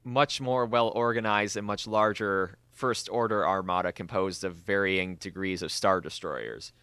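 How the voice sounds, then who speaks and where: A man's voice: on the low side, fairly even intonation, a little slow, bright, forceful tone, smooth, no echo. A young man co-hosting a casual podcast, joking and teasing himself in banter. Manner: joking, self-mocking banter. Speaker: podcast co-host. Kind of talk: casual chat.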